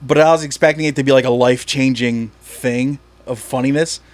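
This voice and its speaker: A man from the Philadelphia area with a Philly accent, chatting casually as a podcast host, animated and swearing freely. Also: medium pitch, fairly quick, dry recording. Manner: animated, swearing, acts out quoted bits. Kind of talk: casual chat.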